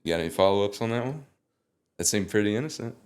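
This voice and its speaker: A young man, a guest singer, telling animated, joking stories in a casual interview. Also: on the low side, fast talker, soft background music.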